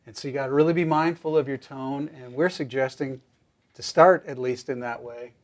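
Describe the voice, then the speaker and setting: A man's voice: medium pitch, brisk. A man co-hosting a marriage devotional in a casual, joking teaching chat, sometimes acting out quoted voices. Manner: playful, jokey, acts out quoted voices.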